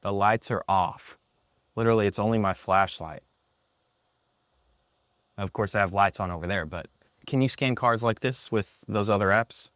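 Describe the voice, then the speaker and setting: A man presenting an app in a product demo, talking excitedly and a bit sarcastically in an indoor room. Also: fairly low pitch, no room sound.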